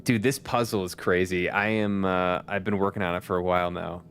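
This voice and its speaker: Guy streaming a game, lowish voice, chill chatty vibe, swears a bit, faint music behind. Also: fairly even intonation, fairly quick, fairly bright tone. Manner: chatty, laughs often, swears casually, reads chat aloud. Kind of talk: casual chat while gaming. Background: faint background music.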